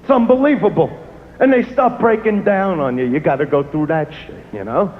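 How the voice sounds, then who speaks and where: A man's voice: sits high, normal speed. A man doing a crude, swaggering stand-up comedy routine. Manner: brash, crude, swaggering delivery. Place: live comedy venue. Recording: lo-fi phone-like live recording with loud noise and echo.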